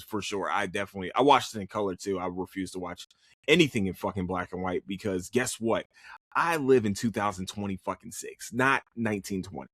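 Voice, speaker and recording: Young male podcast host, low-pitched, swears freely, rambles with restarts, close dry mic. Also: dry recording. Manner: rambling, profane, lots of restarts and fillers. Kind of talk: casual solo review chat.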